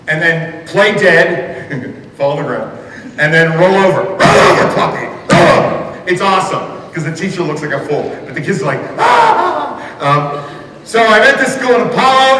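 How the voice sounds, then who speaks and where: A male school assembly speaker and storyteller gives an animated, comic storytelling talk to an audience, acting out the people in his stories in a fairly high voice. He is heard from a distance in an echoey hall, with a little hiss or hum on the recording.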